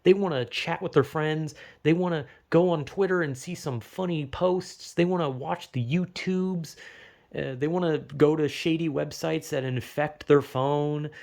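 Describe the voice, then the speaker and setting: A young man delivering a loose, unscripted commentary, full of swearing and restarts. His voice sits a little higher than most men's, and he rambles between points with a casual, offhand manner. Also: unhurried, gravelly, darkish tone. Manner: profane, rambling, self-interrupting with laughs. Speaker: video essayist.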